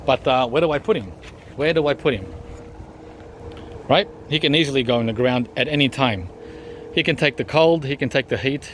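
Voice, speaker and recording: A man's voice: mid-range voice, lively intonation, moderate pace, pauses often, a bit bright, slight background noise. A man chatting casually as he walks through his backyard garden, rambling with frequent ums as he points things out. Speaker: gardening vlogger.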